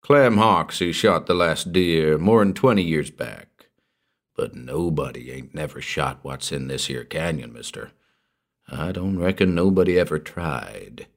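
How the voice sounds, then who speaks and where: A man voicing a superstitious old backwoods hermit, in a slow rustic drawl that keeps dropping to a hushed, ominous tone. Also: rumbling low, gravelly, exaggerated voice.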